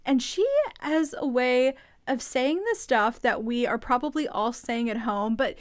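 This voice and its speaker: A woman's voice: a little high, unhurried, no echo, clean studio sound. A woman hosting a casual recap, chatty and opinionated with an amused edge. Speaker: podcast host recapping a reality show. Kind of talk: casual commentary.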